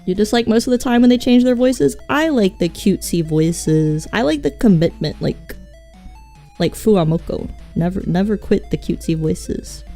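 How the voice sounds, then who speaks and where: A woman streaming live with a scratchy, mellow voice, rambling between topics and swearing freely. She is self-mocking and casual in her delivery. Faint music plays behind her. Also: medium pitch, expressive, normal speed. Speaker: VTuber streamer.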